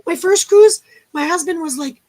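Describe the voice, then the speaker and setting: A woman telling lively stories on a casual livestream chat and acting out the people in them. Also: very high-pitched, normal speed. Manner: animated storyteller, acts out quotes. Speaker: guest storyteller.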